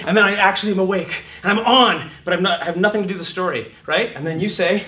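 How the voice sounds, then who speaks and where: Animated, profane male acting teacher. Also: sits high, quick pace, few pauses, far from the mic. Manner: profane, acts out voices and shouts mid-talk. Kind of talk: animated lecture acting out scenes. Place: lecture room. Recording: echoey room, heard from off mic.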